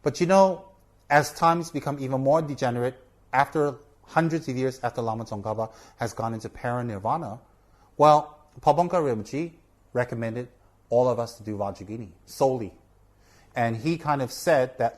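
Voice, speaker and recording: A man's voice: mid-range voice, moderate pace. A man, a Buddhist teacher, talking informally to camera, earnest and repetitive, often checking in with "okay?". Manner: earnest, repeats for emphasis, asks "okay?".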